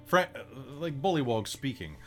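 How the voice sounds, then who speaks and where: An American game master describes a fantasy scene in loose, rambling narration, full of fillers and restarts. The delivery is animated, with wide pitch movement. Faint music plays under the session. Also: normal speed. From United States. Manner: loose, rambling, with many fillers and self-corrections.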